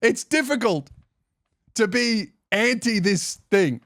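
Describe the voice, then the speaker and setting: A young man with a fairly high voice riffs through a loose comedic monologue for his podcast. He rambles, restarts his sentences and swears freely. His voice sounds close and dry, with no room echo. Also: animated, takes it slowly, fairly bright tone.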